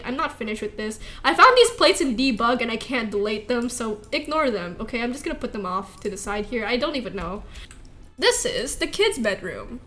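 High lively woman, bright tone, giggly rambling game-stream chat. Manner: giggly, rambling, frequent laughter. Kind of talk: casual live-stream chat while playing.

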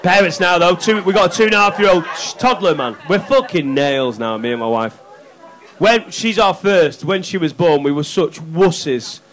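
A man doing an animated, sweary stand-up set, jumping into squeaky voices for bits. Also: normal speed. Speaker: stand-up comedian. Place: comedy club stage. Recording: live club mic with crowd noise. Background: audience laughter.

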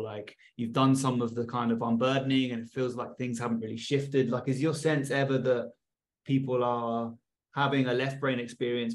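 Man, interviewer, reflective, thinks aloud, medium pitch. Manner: thoughtful, reflective questions. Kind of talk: interview conversation.

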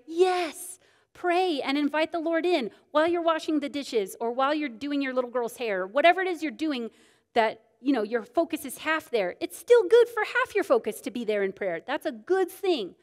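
A woman's voice: on the high side, fairly quick. Candid woman teaching Bible study. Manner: candid, self-deprecating, animated storytelling. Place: church meeting room. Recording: long church reverb.

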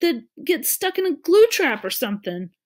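A woman reading a storybook, voicing an excitable, curious nine-year-old boy who loves animals. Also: high-pitched, normal speed, pitched above the performer's own voice. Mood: teasing.

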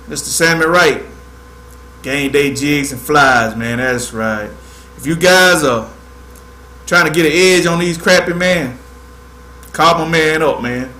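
A man hosts a fishing livestream in a relaxed, drawling chat, tossing "man" into every other phrase. His voice sits fairly high for a man, and it carries a roomy echo. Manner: laid-back, drawling, peppers speech with "man". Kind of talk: casual livestream tutorial.

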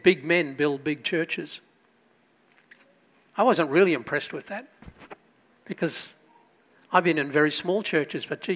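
Pastor telling a story. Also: male voice, a little high. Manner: storytelling, shifting between loud emphasis and quiet asides. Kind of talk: sermon.

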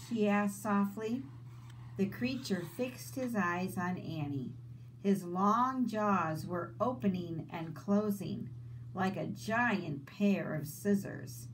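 A woman teacher reading a children's book aloud, in slow, expressive storytelling. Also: fairly low pitch, a little hiss or hum, low-quality recording.

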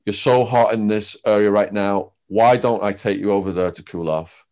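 Animated English man telling a story. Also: moderate pace. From England. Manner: animated, with big swings in pitch and loudness. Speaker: guest. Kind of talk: storytelling in a sit-down interview.

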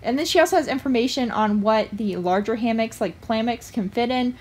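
A woman hosts a casual pet product review and chats along with plenty of filler sounds. Her voice sits fairly high and has a husky, breathy texture. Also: brisk, darkish tone. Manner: chatty, with frequent "uh" fillers. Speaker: pet channel host.

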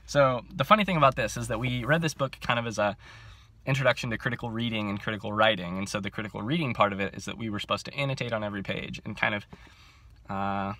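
A young man in his twenties chatting to camera about books, excitable and self-mocking, with frequent laughs, filming on a handheld phone. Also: on the low side, fast talker, dry recording. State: overcaffeinated. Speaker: book vlogger. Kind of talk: casual chat to camera.

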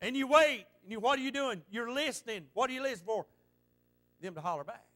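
A man's voice: very high-pitched, fast, pushed and bright. A male pastor preaching a sermon in a fervent, repetitive style and weaving personal stories into it.

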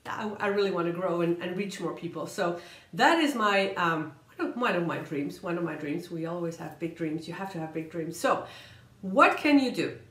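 A woman coaching viewers in a motivational vlog, emphatic and energetic, repeating words for emphasis and slowing down to stress key points. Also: fairly low pitch, roomy sound. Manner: usually talks fast, slows down to stress key points. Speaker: career coach and vlogger. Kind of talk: motivational vlog talk to camera.

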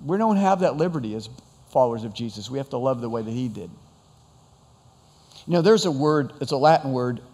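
A man's voice: mid-range voice, expressive, a little fast, long pauses, a little mellow, in a large hall. A man preaching a conversational sermon to his congregation, asking rhetorical questions. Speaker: pastor.

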